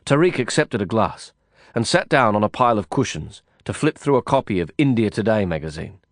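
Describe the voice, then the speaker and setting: A man narrating a first-person novel in a measured, reflective storytelling manner. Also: fairly low pitch, animated, no room sound, clean studio sound. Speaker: audiobook narrator.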